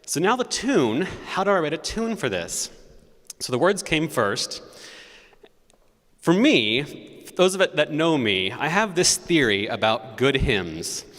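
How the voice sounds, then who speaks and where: A man's voice: on the high side, very animated, measured pace, a bit bright. A man, the church organist, telling the congregation the story behind a new hymn in a chatty, storytelling way. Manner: chatty, storytelling, sings note syllables to demonstrate. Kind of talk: spoken introduction to a hymn at a concert. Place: large church sanctuary. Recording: long church reverb.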